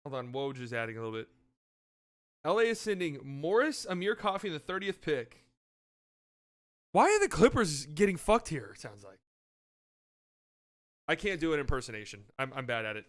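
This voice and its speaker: Man hosting a mock draft, high clear voice. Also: sing-song, moderate pace, pauses often. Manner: swings between mumbled asides and loud announcer calls. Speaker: host running a community mock draft. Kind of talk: casual livestream chat with mock announcer bits.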